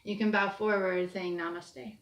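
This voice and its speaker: A woman teaching a short yoga break, talking students through each move with gentle, soothing cues. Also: mid-range voice, steady tone, moderate pace. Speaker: yoga instructor. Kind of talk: guided yoga class. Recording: echoey room, distant mic.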